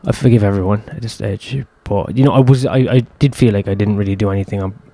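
A man's voice: fairly low pitch, quick pace, dark tone, soft background music. Rambling, profane young man. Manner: profane, rambling, self-deprecating. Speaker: host. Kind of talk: rambling personal storytelling.

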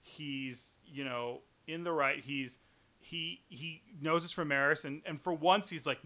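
A man co-hosting a casual podcast chat about a TV show, animated and sometimes exasperated. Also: on the high side, normal speed. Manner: animated, rising to exasperated outbursts. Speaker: podcast co-host.

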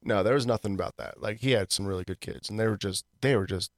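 A man with a lowish voice chatting casually as a podcast co-host. He rambles loosely and swears freely. The recording is close and dry. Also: fast talker, dry recording. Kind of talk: casual chat.

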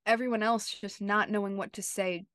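A woman's voice: mid-range voice, fairly even intonation, normal speed, fairly bright tone, dry recording, studio quality. A woman co-hosting a podcast in casual chat, chatty and emphatic with lots of filler words. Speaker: podcast co-host.

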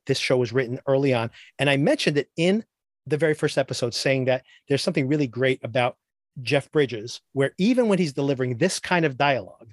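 Animated man ranting, dry close sound. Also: mid-range voice, dry recording. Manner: animated, ranting, mimics characters in quick asides. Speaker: podcast host. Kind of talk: casual chat.

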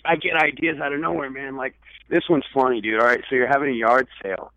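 A man's voice: mid-range voice, fairly even intonation, fast talker, bright, forceful tone, no echo, rough recording. A man chatting casually on a podcast, loose and rambling, with lots of filler words. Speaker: podcast guest. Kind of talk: casual chat.

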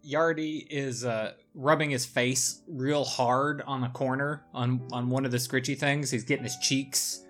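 A man's voice: medium pitch, steady tone, a little slow, few pauses, fairly bright tone, soft background music. A man narrating his character's actions casually in a tabletop game. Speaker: player.

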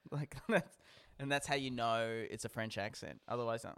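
A man's voice: mid-range voice, normal speed, a bit bright, clean tone. A man with an Australian accent, co-hosting a casual podcast chat, teasing and laughing often. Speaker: podcast co-host.

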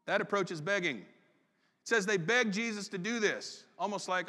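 A man preaching a sermon as pastor, folksy and conversational with quick asides. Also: sits high, sharp tone. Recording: long reverb in a large hall.

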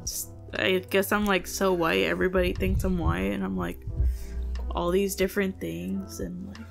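A woman co-hosting a podcast in casual chat, excitable and giggly, swearing often. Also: medium pitch, normal speed, creaky, soft background music. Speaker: podcast co-host.

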